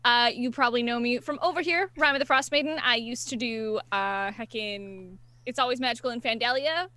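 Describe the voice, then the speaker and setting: An excitable, playful woman chatting at a tabletop game table. Her voice sits high and sounds bright and crisp, tossing out jokes and cheerful swearing. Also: fairly quick. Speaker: player. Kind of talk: casual chat.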